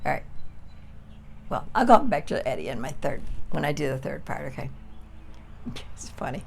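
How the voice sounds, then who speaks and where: A woman's voice: low-pitched, sing-song, moderate pace, creaky, a little mellow, a little hiss or hum. A woman in her eighties reminiscing in a chatty, rambling way on her front porch for a vlog. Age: 80s. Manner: chatty, rambling, calls out names in a sing-song. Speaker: vlogger.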